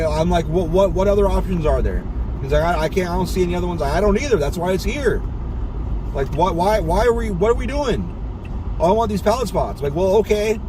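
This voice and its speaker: A frustrated man rants, swearing often and going over the same complaint again and again. His voice sits high for a man. Clear traffic and car noise runs behind him from outdoors. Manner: frustrated, profane, repetitive ranting. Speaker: warehouse worker. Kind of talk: casual venting.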